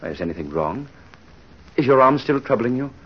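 An earnest young husband. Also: male voice, mid-range voice, big pitch swings, moderate pace, breathy edge. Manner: earnest, stammering when shaken. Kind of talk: old-time radio drama. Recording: lo-fi old radio recording.

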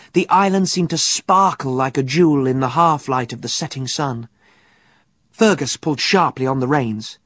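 Expressive male audiobook narrator. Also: a little high, no room sound, studio quality. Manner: expressive, vivid storytelling. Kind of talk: audiobook narration of a children's adventure.

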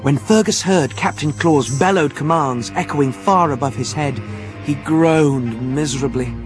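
A man narrating an adventure audiobook in an expressive, vivid storytelling manner. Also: fairly high pitch, a little slow, over music.

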